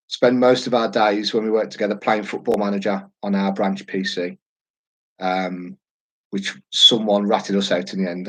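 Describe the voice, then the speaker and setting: A man's voice: lowish voice, husky, low-quality recording. Man, thirties, easygoing online quiz host, rambles and jokes. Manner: chatty, jokey, rambling asides. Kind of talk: casual live-stream chat.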